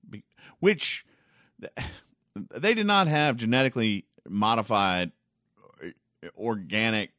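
A man with a very low, deep voice rambles through the weekend funnies with a dry, sarcastic wit. He trips over his words and leans on fillers as he goes. The sound is close and dry, with no room around it. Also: animated, normal speed, a bit bright, no room sound. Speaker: comics reviewer. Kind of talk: casual spoken commentary.

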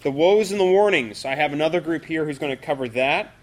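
A man's voice: a little high, fairly quick. A man teaching a Bible study class in a loose, conversational way, full of fillers and restarts.

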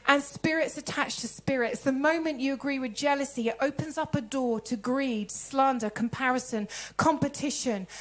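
A woman preaching a sermon with animated delivery, breaking into laughter and acting out the voices she quotes. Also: high-pitched.

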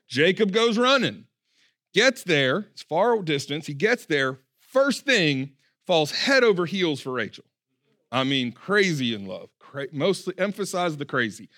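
A man preaching a sermon in a church room, in a casual, animated way, with slang and joking asides. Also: a little high, measured pace. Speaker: pastor.

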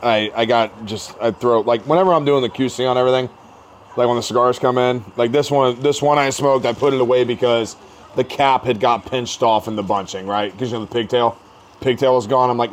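A man's voice: medium pitch, a little fast, a little hiss or hum. A man co-hosting a podcast in casual chat, telling stories with acted-out quotes and plenty of swearing. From American Midwest. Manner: animated storyteller, acts out his own quotes, swears freely. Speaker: podcast co-host.

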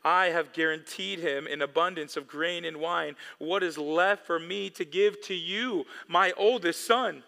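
Man reading as a grave old father, solemn and slow, bright voice, hall echo. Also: fairly high pitch, gravelly, exaggerated voice. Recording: long echo of a big hall.

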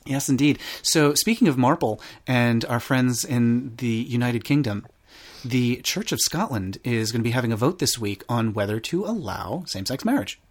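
A man's voice: mid-range voice, animated, moderate pace. A man hosting a casual podcast, rambling through news items with fillers and laughs. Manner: chatty, rambling, many fillers, easy laughs. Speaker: podcast host.

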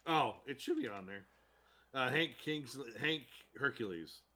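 Bright-voiced man in casual chat. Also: mid-range voice, a little slow. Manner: animated, laughs while retelling scenes. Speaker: podcast co-host.

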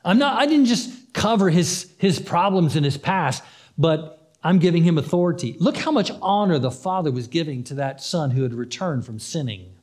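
On the high side with a darkish tone, a male pastor preaches animatedly at normal speed. He acts out dialogue from the story and repeats lines for emphasis in a conversational style.

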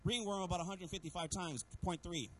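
A man's voice: high voice, brisk, poor audio. A middle-aged man preaching as a pastor, telling stories with humor and calling out to the congregation again and again. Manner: animated preaching with repeated calls to the congregation; storytelling with humor. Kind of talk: sermon.

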